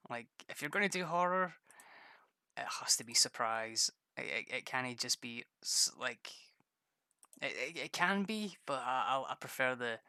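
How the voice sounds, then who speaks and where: A man's voice: medium pitch, measured pace, pushed and bright, clean tone, no echo. A man chatting casually while streaming a game, rambling, stammering and laughing often. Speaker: gaming streamer. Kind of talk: casual gameplay chat with viewers.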